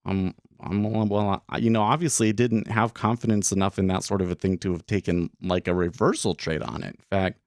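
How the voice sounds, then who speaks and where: A man's voice: on the low side, fairly even intonation, brisk, hardly any pauses, dry recording, clean studio sound. A man hosting a day trading livestream, talking casually and rambling with lots of fillers and restarts. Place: home studio room.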